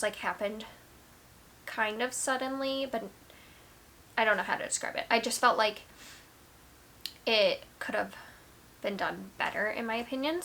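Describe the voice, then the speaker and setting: A woman's voice: a little high, fairly bright tone, a little hiss or hum. A young woman talking casually to camera about her books, rambling with lots of "like" and trailing restarts. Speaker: book vlogger. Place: at home.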